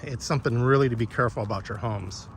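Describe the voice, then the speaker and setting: A man speaks quickly in a mid-range voice over a little hiss or hum. He's walking his dog outdoors and casually telling his live audience a rambling, profane story.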